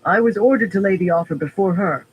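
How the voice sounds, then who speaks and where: A man's voice: high-pitched, fast talker, slight background noise, voice pushed up, natural voice, rough recording. A man voicing a defiant, brusque young man who wields magic, in a fantasy audiobook. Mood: demanding. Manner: demanding, brusque.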